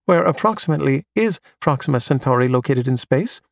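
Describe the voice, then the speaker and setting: A man voicing a patient male robot tutor who speaks in a flat, monotonous way. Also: medium pitch, fairly quick, creaky, no echo, studio quality. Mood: even.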